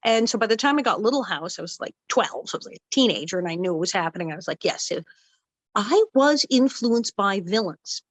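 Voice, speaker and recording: A middle-aged woman telling stories as a guest in a casual interview, animated and acting out the voices she quotes. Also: mid-range voice, fairly quick, no room sound, rough recording. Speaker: guest actress.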